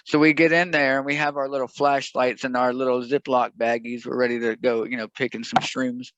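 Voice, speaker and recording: A man's voice: medium pitch, level tone, fairly quick, a bit bright, dry recording, dull audio. A young man telling a rambling, profane, jokey story in a casual podcast chat.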